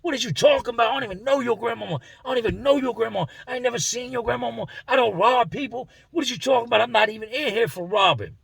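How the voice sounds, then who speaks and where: A man's voice: very high voice, quick pace, vocal fry, hardly any pauses, a bit bright, breathy edge, dry recording, pitched above the performer's own voice, exaggerated voice. A man doing a flustered inmate protesting innocence. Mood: disbelieving. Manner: protesting in a rush, disbelieving. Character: bewildered male inmate denying an accusation.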